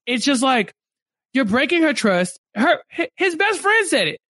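A man's voice: very high-pitched, big pitch swings, moderate pace, bright, forceful tone, dry recording, studio quality. A man co-hosting a podcast, ranting in an exasperated, exclamatory way during a casual reality-show recap over a video call. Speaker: podcast co-host.

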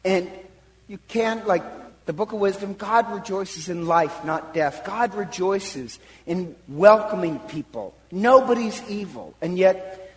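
A man's voice: high-pitched, animated, measured pace, big-room sound, rough recording. A man preaching a sermon, telling the story with animation and acting out the voices of the people in it.

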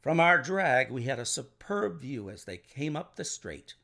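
A man narrating a classic detective story aloud in an expressive, dramatic reading. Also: mid-range voice, unhurried, creaky.

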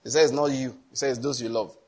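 Give me a raspy-voiced pastor teaching on prayer through his own testimony. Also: medium pitch, fairly even intonation, fast talker, a little mellow. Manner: storytelling, earnest, with chuckles and repetitions. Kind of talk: sermon-style personal testimony.

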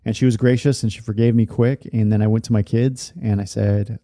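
A man's voice: medium pitch, brisk, dark tone, no room sound, clean studio sound. A man in his thirties, a podcast host, candidly telling a personal story in a loose, rambling way full of fillers. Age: 30s.

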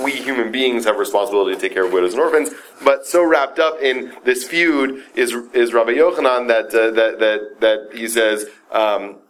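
A man's voice: medium pitch, a little hiss or hum. A man teaching a Talmud story in an informal class, talking casually with many fillers and "right?" checks, and acting out the quoted speakers. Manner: lively, acts out the quoted speakers.

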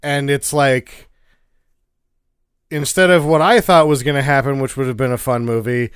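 A man's voice: mid-range voice, fairly even intonation, normal speed, clear, resonant tone, no echo, studio quality. A man co-hosting a casual podcast, talking over a movie plot in a wry, mildly sarcastic way. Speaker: podcast co-host. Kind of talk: casual chat.

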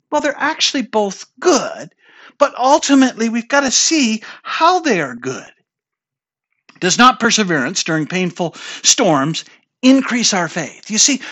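Woman preaching, lively storytelling sermon, voice jumps up for the quotes. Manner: animated storytelling, acting out quoted lines with rising pitch.

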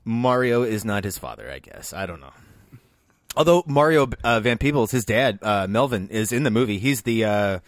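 A man's voice: lowish voice, lively intonation, moderate pace, no echo. A man co-hosting a podcast, casually explaining film trivia with a knowing tone and dry laughs. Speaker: podcast co-host.

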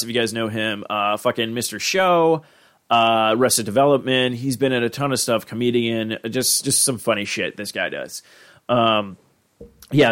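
A young man hosting a podcast, rambling through an episode recap with lots of "like" and "uh", and jumping into a high voice to act out characters' lines. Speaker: podcast host.

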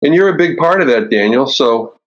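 A man's voice: medium pitch, lively intonation, brisk, lo-fi sound, pitched above the performer's own voice, lightly acted. A man voicing a blunt, angry male coworker in a retold story, speaking curtly and bitterly. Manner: bitter, curt.

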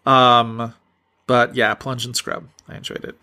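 Unhurried and level, a man's mid-range voice carries a sharp tone as he co-hosts a podcast. The chat is casual and rambling, with plenty of fillers and restarts.

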